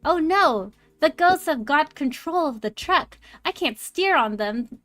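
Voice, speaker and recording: A panicking trucker who hunts ghosts yells about losing control of his truck, with a woman hamming him up. The delivery is hammy and frantic, pitched fairly high. Faint background music plays. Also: animated, unhurried, no echo.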